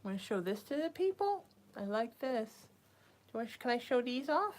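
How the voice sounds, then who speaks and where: A woman hosting live psychic readings chats casually on a live stream, cooing baby talk to her cat and sometimes dropping to a whisper. Her darkish, fairly high voice swings widely in pitch at a measured pace.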